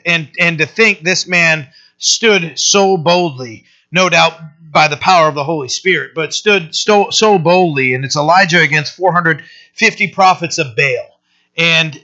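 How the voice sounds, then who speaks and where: A man's voice: fairly high pitch, normal speed, sharp tone. A man preaching a conversational sermon, often restarting his phrases and checking in with "right?". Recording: dull lo-fi recording.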